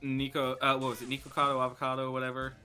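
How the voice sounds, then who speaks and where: A man's voice: medium pitch, completely flat delivery, fast talker, bright, forceful tone, soft background music. A man chatting on a stream as a guest, telling stories with casual swearing. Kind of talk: casual chat.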